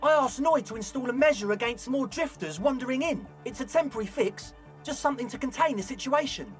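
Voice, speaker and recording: A man's voice: very high voice, animated, a little fast, soft background music. An actor playing an earnest young male raver in a game, with a casual, laid-back way of reassuring people. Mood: easygoing. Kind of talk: game dialogue.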